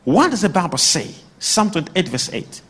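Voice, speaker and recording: A man preaching a sermon to a congregation, drawing replies from the crowd and breaking into shouts and laughter. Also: sits high, moderate pace, husky. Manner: animated, bursts into shouts and laughter. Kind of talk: sermon with call-and-response.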